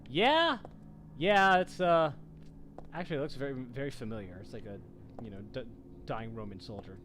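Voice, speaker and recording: A man's voice: medium pitch, lively intonation, moderate pace, fairly bright tone, a little hiss or hum. A man casually commenting while playing a video game, chatting, reading game text aloud and swearing at enemies. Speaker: let's play host.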